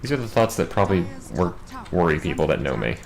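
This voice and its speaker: A man doing solo play-by-play game commentary, racing through big fights and dropping wry asides in quiet moments. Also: sits low, gravelly, low-quality recording. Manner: quick, excitable calls in big plays, wry asides in lulls. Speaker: match commentator.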